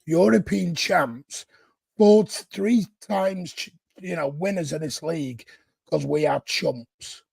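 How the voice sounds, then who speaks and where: A man chatting on a football watchalong while hoarse from laryngitis, talking confidently and defiantly. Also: fairly high pitch, slow, a little mellow, no echo. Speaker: guest pundit, co-host. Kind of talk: live football watchalong chat.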